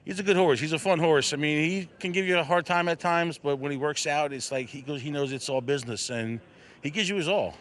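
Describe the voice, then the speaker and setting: Excited fast-talking man, horse owner. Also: a little high. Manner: excited, rapid storytelling with acted-out quotes. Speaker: winning racehorse owner. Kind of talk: post-race interview.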